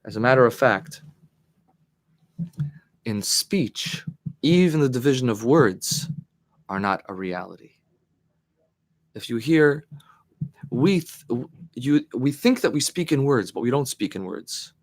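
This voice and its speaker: A man's voice: medium pitch, animated, slow pace, pauses often. A man teaching a Torah class as its rabbi, thinking aloud, often restarting phrases and leaning hard on key words. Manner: thoughtful, searching for words, emphatic on key phrases; answers questions from the class.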